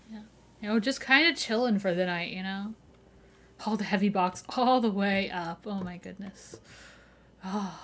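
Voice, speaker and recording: A young adult woman chatting casually with her viewers while live-streaming a game, laughing often as she greets and answers the chat. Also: medium pitch.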